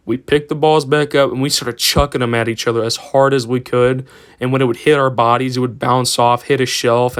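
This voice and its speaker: A man's voice: mid-range voice, fairly bright tone, smooth. A young adult man telling a storytime anecdote in a casual, rambling way, swearing freely. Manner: loose, profane, rambling.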